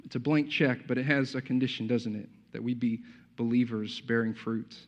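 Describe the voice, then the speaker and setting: A man's voice: mid-range voice, little pitch movement, moderate pace, lo-fi sound. A man preaching a sermon as pastor, talking conversationally with frequent restarts and rhetorical asides.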